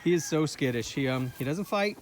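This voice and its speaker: A man's voice: on the high side, lively intonation, a little fast. A man chatting casually about his farm while walking the pasture and talking fondly to his chickens. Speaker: farmer and video host. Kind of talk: casual walk-and-talk vlog. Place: outdoors in a pasture. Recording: outdoor farm recording with noisy background. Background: chickens clucking and roosters crowing.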